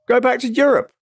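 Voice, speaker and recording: A man's voice: extremely high pitch, slightly rough. A young man from England ranting in casual chat on a livestream, swearing freely and rambling. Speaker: livestream host.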